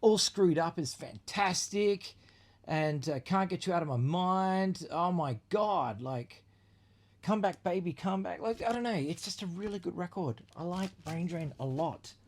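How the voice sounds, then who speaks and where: A man's voice: high-pitched, animated, a little slow. A man hosting a casual video about his record collection, talking with rambling enthusiasm, swearing freely and leaning on fillers. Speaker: vlog host reviewing his record collection. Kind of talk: casual chat.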